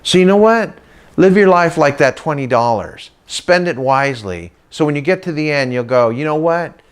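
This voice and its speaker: A middle-aged man telling a funny family story to a live audience, animated and chatty, slipping into sing-song voices for the people in it. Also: on the high side, normal speed, smooth. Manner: lively storyteller who breaks into sing-song voices for his characters. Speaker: comedic motivational speaker.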